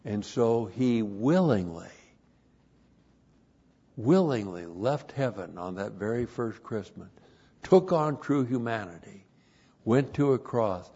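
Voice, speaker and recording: A man preaching a Bible sermon at an unhurried, deliberate pace. He grows loud and emphatic on key phrases and drags out single words for stress. The recording sounds dull and lo-fi. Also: on the low side, lively intonation, husky. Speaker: pastor. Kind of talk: expository sermon.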